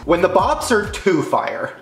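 A man hosting a casual vlog from his home, excitable, shrieking and laughing often and making crude jokes. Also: high voice, measured pace, a little hiss or hum. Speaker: YouTube host. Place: at home indoors.

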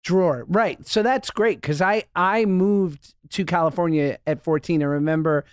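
A man co-hosting a podcast in casual chat, self-deprecating and quick to laugh. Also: fairly high pitch, clear, resonant tone, dry recording, studio quality. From New York. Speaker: podcast co-host.

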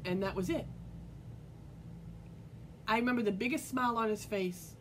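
A vlogger speaks straight to her viewers, telling a personal story casually and earnestly, rambling and restarting with lots of fillers. She talks at a moderate pace. A faint low rumble sits behind her in a rough recording.

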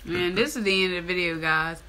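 A woman's voice: fairly low pitch, fairly quick, sharp tone, slight background noise. A woman hosting a casual reaction video, laid-back with brief replies, and rattling off the channel sign-off. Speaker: channel host. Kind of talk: casual chat and video outro.

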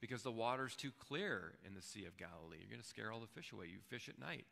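A man's voice: on the low side, lively intonation, fast, vocal fry, bright, forceful tone, big-room sound, exaggerated voice. A preacher playing a grumbling, sarcastic fisherman. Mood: annoyed.

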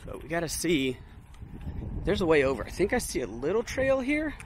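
A man filming a casual walking vlog outdoors, chatty and excited, talking straight to his viewers and a little out of breath in the heat. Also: on the high side, moderate pace, a little hiss or hum. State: slightly out of breath. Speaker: vlogger visiting a film location. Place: outdoors by a steel bridge in hot dry hills.

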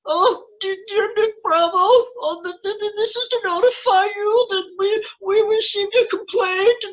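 A man voicing a nervous, stammering teenage boy sidekick in a high, whiny cartoon voice. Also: steady tone, measured pace, fairly bright tone, dull audio. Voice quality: stuttering, whiny.

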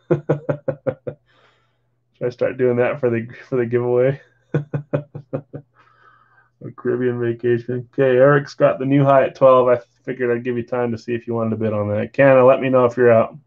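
A man hosting a live card break stream, chatting casually while calling out bids and sales. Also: mid-range voice. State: yawning, tired. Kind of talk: live-stream auction chat. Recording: slightly dull lo-fi stream audio.

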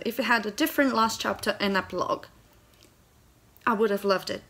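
A young woman book vlogger ranting angrily about a book, sarcastic and sweary, with animated delivery. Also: medium pitch, fairly quick, husky. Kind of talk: angry book review rant.

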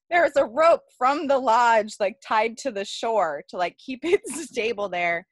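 A woman's voice: a little high, animated, unhurried, hardly any pauses, no room sound. Woman, casual storytelling, chatty, laughs often, dry close sound. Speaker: workshop participant. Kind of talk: personal storytelling.

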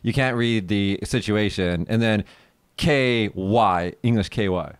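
A man's voice: lowish voice, slow pace, clean tone, dry recording, clean studio sound. A young man co-hosting a casual chat, asking questions and giving long explanations. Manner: explains at length, asks follow-up questions. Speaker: co-host.

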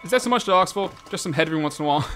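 A man doing raucous comedic gameplay commentary, swearing freely and bursting into shouts. His voice sits high and swings widely in pitch. It has a bright, tense edge. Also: lively intonation, rapid-fire, faint music behind. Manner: loud, crude, shouts often and laughs at his own jokes. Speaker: gaming channel host.

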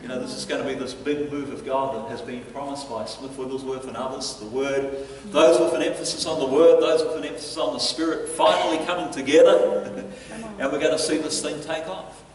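A man's voice: a little high, fairly quick, hardly any pauses. Male pastor in an echoing church hall. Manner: animated storyteller, chuckles between lines. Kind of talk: storytelling sermon. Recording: echoey church hall from a distance.

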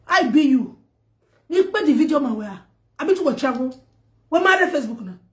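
Nigerian woman, high voice, emphatic rant to camera, roomy echo. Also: lively intonation, brisk. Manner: emphatic, scolding, repetitive. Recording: echoey room.

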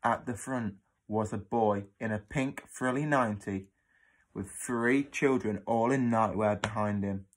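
A man reading a children's book aloud in an expressive, dramatic way. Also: fairly low pitch, measured pace, a little hiss or hum. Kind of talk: storybook read-aloud.

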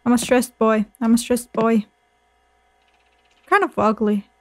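A woman hosting a video game playthrough, chatting casually with crude jokes and sudden loud outbursts. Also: a little high, fairly even intonation, a little slow, no echo. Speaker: gaming video host. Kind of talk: casual let's play commentary.

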